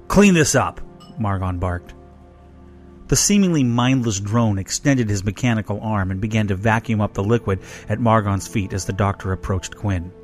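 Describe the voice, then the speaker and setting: A man reads a roleplay story aloud in a steady, measured voice. His pitch sits a little low, with soft music underneath. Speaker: story reader.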